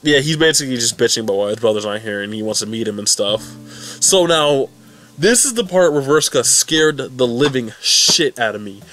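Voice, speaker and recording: A young man casually recapping and reacting to a webcomic update, rambling and excitable with many restarts. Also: medium pitch, fairly quick. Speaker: fan recap vlogger.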